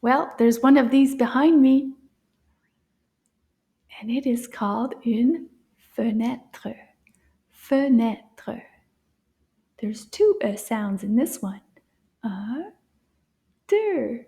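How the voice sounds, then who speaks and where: A woman teaching French words to young children, gentle and playful, with little gasps and hushed asides. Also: high voice, expressive, slow pace, pauses often. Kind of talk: slow, encouraging kids' lesson.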